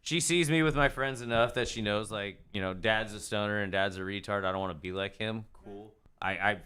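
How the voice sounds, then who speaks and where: A man's voice: fairly low pitch, brisk, sharp tone, clear, resonant tone. A man chatting as a podcast guest, laid-back and boastful, swearing freely. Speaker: podcast guest, extract maker. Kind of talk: casual chat.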